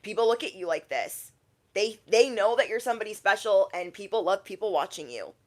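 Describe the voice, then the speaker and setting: A woman's voice: mid-range voice, lively intonation, fairly quick. Chatty woman doing a tarot livestream. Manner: chatty, acts out quotes in shifting voices. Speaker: tarot reader. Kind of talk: casual livestream reading.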